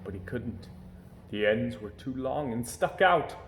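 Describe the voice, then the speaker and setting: A man reading a children's storybook aloud with expressive storytelling, at home. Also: mid-range voice, measured pace, roomy sound, slight background noise. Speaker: storybook reader. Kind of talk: children's book read-aloud. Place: home during quarantine.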